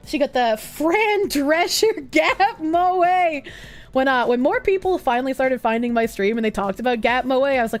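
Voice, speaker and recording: A woman's voice: high voice, animated, measured pace, soft background music. A woman streaming live, chatting casually and reading donations, crude and giggly with bursts of laughter.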